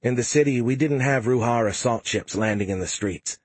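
A man narrating a first-person audiobook in a steady, wry, matter-of-fact way. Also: medium pitch, moderate pace, slightly rough, no room sound.

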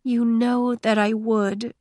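A woman voicing a young, heartbroken woman in an audiobook, speaking in a hushed, raised voice. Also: steady tone, a little slow, no room sound, studio quality, full character voice. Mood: sad. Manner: hushed, high and breathy.

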